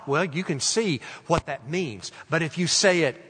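A man preaching a sermon in a slow, deliberate way, stretching out quoted phrases and letting them fall soft. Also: a little high, breathy edge. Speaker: pastor. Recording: long hall reverb.

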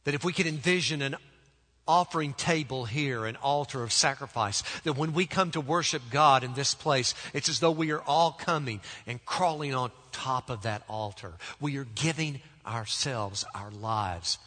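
A man preaching a sermon as pastor. He speaks emphatically, with deliberate pauses, and often drops to soft, low tones. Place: church sanctuary. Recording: long church reverb.

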